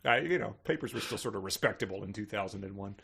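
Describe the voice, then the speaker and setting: A man's voice: on the low side, lively intonation, fast, creaky, fairly bright tone, husky. A man co-hosting a podcast, making wry, sardonic jokes while discussing a novel. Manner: wry, joking, sardonic asides. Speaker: podcast co-host. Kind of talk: casual comedic book discussion.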